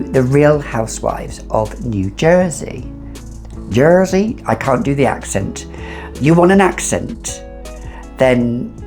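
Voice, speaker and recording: A middle-aged woman with a remarkably deep, gravelly voice talks through a fragrance review in a chatty, opinionated way, full of sassy asides. Soft music plays faintly underneath.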